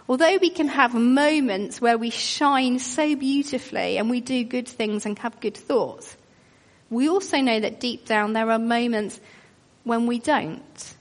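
A woman preaching a sermon, earnest and questioning, telling it like a story. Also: fairly high pitch. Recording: long reverb of a large hall.

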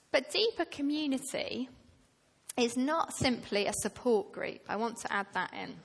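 A woman delivers a sermon at an unhurried, measured pace, her voice sitting fairly high. She leans into emphatic passages. The sound carries the long reverb of a church hall. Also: gravelly. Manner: slow and deliberate, rising to emphatic passages. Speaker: preacher.

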